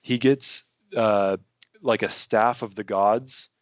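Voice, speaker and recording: A man's voice: lowish voice, steady tone, slow pace, no echo, clean studio sound. A man talking casually as a podcast guest, rambling with many restarts and fillers. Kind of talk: casual conversation.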